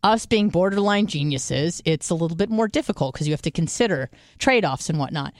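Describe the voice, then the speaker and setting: A woman's voice: fairly low pitch, animated, a little fast, no room sound. A woman co-hosting a podcast, chatting casually, swearing freely and thinking aloud with restarts. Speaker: podcast co-host. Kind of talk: casual chat.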